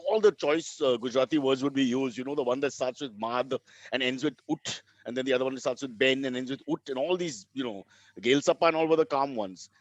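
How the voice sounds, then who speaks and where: A man's voice: mid-range voice, no room sound, rough recording. A middle-aged man with an Indian English accent, telling wry comic stories as co-host of a comedy show. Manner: wry, deadpan jokes. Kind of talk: comic storytelling.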